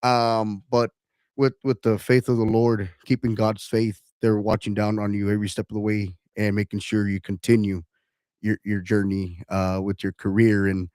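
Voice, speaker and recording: A man's voice: fairly low pitch, little pitch movement, normal speed, darkish tone, clean tone, no echo, clean studio sound. A man hosting a radio talk show, talking in a consoling, hesitant way. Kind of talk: casual interview chat.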